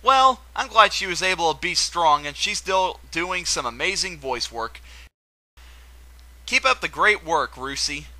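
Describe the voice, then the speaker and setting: A young man with a high, bouncing voice runs through a countdown with eager enthusiasm and playful asides. His tone is bright and sharp, recorded close in a dry, small room. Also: expressive, measured pace, no room sound, rough recording. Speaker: video host. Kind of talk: countdown commentary.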